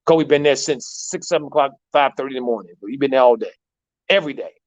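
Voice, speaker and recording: A man, a basketball coach, telling a long story in an animated way, repeating words and using many fillers. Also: mid-range voice, fast. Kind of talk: storytelling in a talk show. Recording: dull lo-fi sound.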